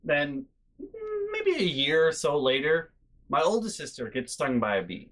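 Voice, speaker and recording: A man's voice: a little high, wildly swooping pitch, unhurried, a bit bright. A man hosting a storytelling vlog, chatty and exasperated as he tells a family story. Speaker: host.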